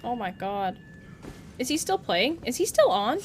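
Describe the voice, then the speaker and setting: A woman's voice: a little high, very animated, unhurried, slight background noise. A young woman streaming a game, chatting playfully with her viewers and teasing the character on screen. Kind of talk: live gameplay commentary.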